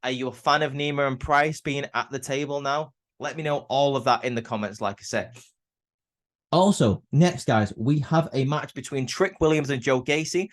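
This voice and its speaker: A man's voice: mid-range voice, moderate pace. A man casually recapping a wrestling show, talking loosely with lots of fillers and restarts. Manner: chatty, many fillers and restarts.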